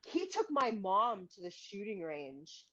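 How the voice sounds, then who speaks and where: Female co-host, rambling and profane, ordinary mid-range pitch, muffled lo-fi recording. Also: big pitch swings, measured pace, crowd noise. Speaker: podcast co-host. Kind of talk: casual chat.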